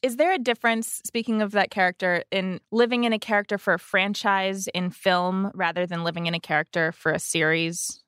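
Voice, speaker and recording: A woman hosting an interview and asking measured, prepared questions. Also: medium pitch, fairly even intonation, fairly bright tone, clear, resonant tone, dry recording, clean studio sound. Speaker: interviewer, host.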